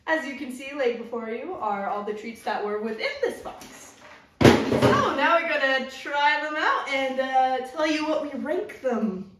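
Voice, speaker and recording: Bubbly high-voiced woman in an echoey room. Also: animated, unhurried. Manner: upbeat, chatty, exclaims at flavors. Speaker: co-host of a snack tasting video. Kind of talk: casual taste-test chat. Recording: very echoey room, mic far off, faint noise.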